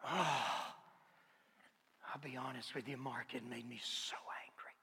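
A blunt, hot-tempered fisherman apostle, played by a preacher tells his story in a high, bright voice. He lurches from loud outbursts to hushed whispers. A long reverb trails each line. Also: animated, normal speed, a little hiss or hum, full character voice. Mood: agitated.

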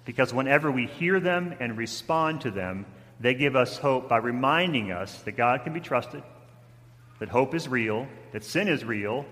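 A man preaching a sermon, telling a story with rising intensity, then softening toward a quiet close. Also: medium pitch, long reverb tail. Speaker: pastor.

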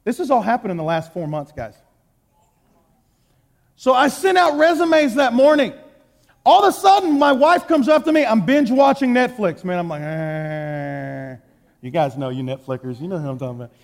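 A man with a Texan accent preaching a sermon, telling a personal story and acting out his own words, going from hushed to shouting. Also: extremely high pitch, fairly quick. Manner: animated, acts out quotes, swings from hushed to shouting. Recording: long hall reverb.

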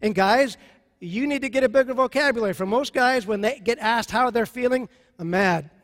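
A man with a high voice preaches to a congregation, pressing his points with emphasis and slow repetition. His voice rings out in a large hall with a long reverb tail. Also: a bit bright. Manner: emphatic, repeats key phrases slowly. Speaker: pastor. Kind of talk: sermon on marriage.

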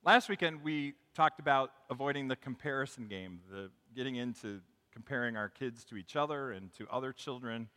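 A man's voice: medium pitch, moderate pace, hardly any pauses, pushed and bright. A man preaching as pastor of his church, chatty and upbeat, telling jokes and stories to the congregation. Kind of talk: sermon. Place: church sanctuary. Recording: long hall reverb.

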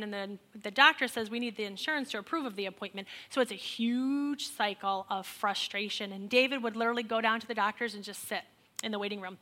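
A woman in her forties shares a personal faith testimony with an audience, turning it into humorous storytelling. Her voice is bright and fairly high, and her delivery is animated and exasperated as she slips into the voices of the people in her story. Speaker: speaker sharing a personal testimony.

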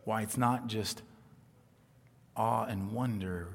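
A man preaching a sermon as pastor, earnest and emphatic, dropping to a hush on key points. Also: medium pitch, measured pace, big-room sound.

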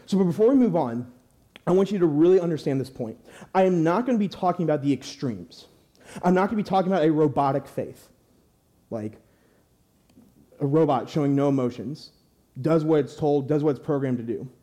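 Young man, sermon, mellow voice, fairly high pitch, conversational preaching, rhetorical questions. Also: expressive, fairly quick, long pauses. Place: church.

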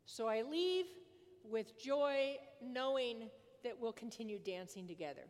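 A woman priest preaches a sermon at an unhurried, deliberate pace, her voice sitting high. She speaks earnestly and repeats phrases for emphasis. The sound carries a long reverb from a large church sanctuary. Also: animated, a little mellow.

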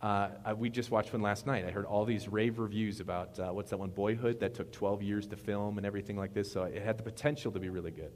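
A man's voice: lowish voice, quick pace, hardly any pauses. A man preaching a casual sermon as pastor, chatting to the congregation and telling stories with asides. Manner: conversational, animated storytelling with asides to the congregation. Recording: long reverb of a large hall.

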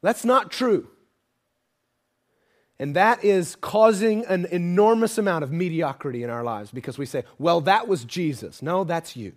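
A man preaching a sermon to a congregation, moving between quiet intimate asides and loud emphatic passages, often asking the audience rhetorical questions. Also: fairly high pitch, animated, normal speed, hardly any pauses.

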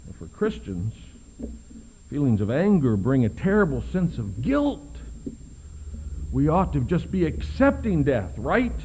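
A man preaching a sermon with expressive delivery, dropping to soft hushed lows and rising to loud emphatic peaks, slowing down to stress key words. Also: husky, poor audio.

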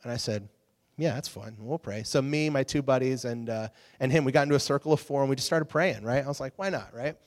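A man giving a casual sermon, telling a story with lively acted-out quotes to a youth audience. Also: medium pitch, fast. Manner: animated storyteller, acts out quotes. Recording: long hall reverb.

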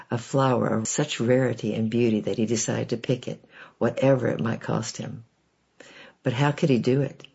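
A man reading devotional stories and scripture in a measured, earnest, preacherly way. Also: mid-range voice, gravelly, darkish tone, husky. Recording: dull lo-fi recording.

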